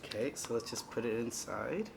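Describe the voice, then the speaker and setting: A man's voice: medium pitch, expressive, normal speed, creaky. A man in his thirties, a father patiently explaining and encouraging a small child step by step in a casual home video. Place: home, indoors. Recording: loud background noise.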